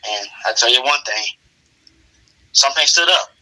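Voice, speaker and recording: A man's voice: mid-range voice, expressive, normal speed, bright, forceful tone, rough recording. A man casually improvising a role-play story with lots of fillers. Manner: casual, rambling, many fillers.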